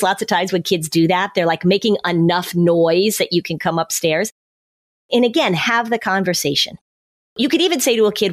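Woman explaining parenting, step by step. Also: on the low side. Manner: explains step by step, acting out parent and child lines. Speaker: parenting expert guest. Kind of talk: podcast conversation.

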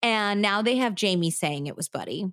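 A woman's voice: mid-range voice, lively intonation, moderate pace, fairly bright tone, no echo, studio quality. A woman hosting a podcast, telling a true crime story in a casual way that often breaks into laughter. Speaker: podcast host.

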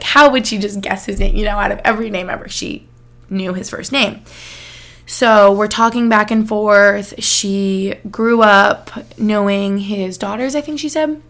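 Young American woman podcast host, gravelly fry, chatty rambling storyteller. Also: medium pitch, a bit bright. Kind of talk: casual chat.

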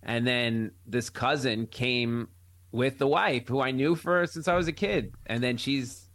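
A man's voice: mid-range voice, unhurried, no room sound. A man, a comedian guest, chatting casually on a podcast and telling stories animatedly while acting out family members. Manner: animated storyteller, acts out family quotes.

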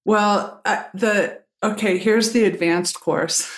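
A woman's voice: medium pitch, fairly even intonation, takes it slowly, reverberant. A woman pastor speaking as a guest, frank and reflective in a candid conversation, with the odd blunt swear word.

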